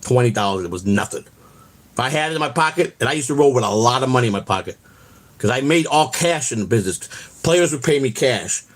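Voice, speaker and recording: A man's voice: mid-range voice, expressive, brisk. Brash, foul-mouthed male storyteller. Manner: brash, boastful, swears constantly. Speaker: host telling stories. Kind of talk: profane storytelling on a livestream.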